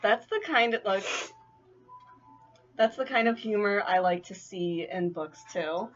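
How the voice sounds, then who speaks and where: A woman's voice: mid-range voice, measured pace, highs cut off. A woman co-hosting a casual podcast chat about books, making dry, teasing remarks. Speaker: podcast co-host.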